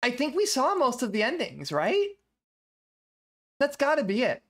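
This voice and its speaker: A young woman chatting on a live stream. She laughs easily as she reacts. Her voice sits a little high and swings widely up and down. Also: huge pitch swings, measured pace, a bit bright. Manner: giggly, laughing often while reacting. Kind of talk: casual live-stream commentary.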